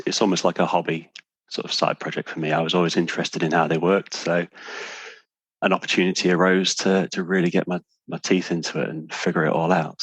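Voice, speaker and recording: A man speaking as a guest on a gaming podcast, talking in an easygoing, modest, slightly halting way. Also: sits low, a bit bright, slightly rough, no room sound, low-quality recording. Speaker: podcast guest, community manager. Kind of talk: casual chat.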